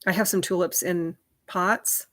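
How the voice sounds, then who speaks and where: Woman, livestream host, casual chat, answers comments, rambling, fairly low pitch. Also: steady tone, unhurried, fairly bright tone. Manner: chatty and rambling, many fillers and asides.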